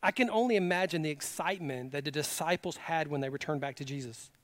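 A male pastor preaching a sermon, animated and casual, moving between loud urgent preaching and quiet conversational asides. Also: on the high side, fast. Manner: casual storytelling with quoted exclamations.

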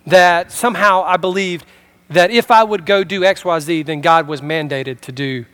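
A man's voice: high-pitched, moderate pace, fairly bright tone, clean tone. A man preaching a sermon, telling a personal story in a casual, conversational way and acting out the voices in it. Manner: casual storytelling, acts out dialogue. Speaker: pastor.

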